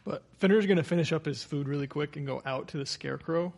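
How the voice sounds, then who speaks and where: Gravelly, husky man player. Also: fairly high pitch, fast talker, darkish tone. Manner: playful, reads rules aloud. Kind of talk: tabletop role-play.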